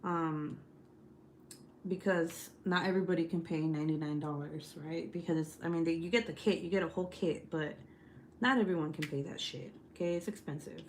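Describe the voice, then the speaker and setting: A woman's voice: low voice, brisk, a little hiss or hum. A young woman hosting a casual livestream, chatty and profane, leaning on lots of "like" fillers. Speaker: YouTube host.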